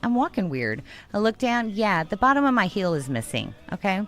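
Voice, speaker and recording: A woman's voice: medium pitch, normal speed. A woman co-hosting a talk show, telling a funny travel story in casual chat and acting out the voices of the people in it. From Texas. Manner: animated, laughing, acts out quoted dialogue. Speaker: radio show co-host.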